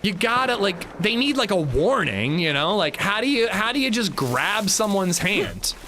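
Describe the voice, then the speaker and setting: A man's voice: high voice, moderate pace, slight background noise. A young man live-streaming a game, casually telling a story to his chat and laughing along. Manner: animated storytelling, laughing, reading chat aloud. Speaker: livestreamer.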